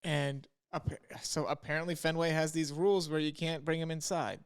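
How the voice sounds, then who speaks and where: A man's voice: a little high, steady tone, moderate pace, smooth. A young man co-hosting a podcast, telling stories in a laid-back way full of "like" and "you know". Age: young adult. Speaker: podcast co-host. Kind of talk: casual storytelling chat.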